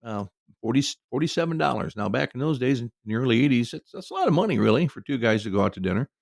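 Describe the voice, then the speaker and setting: Fast-talking gravelly middle-aged man telling a story. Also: medium pitch, sing-song, no echo, studio quality. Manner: rambling, folksy, lots of asides. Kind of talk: casual personal anecdote.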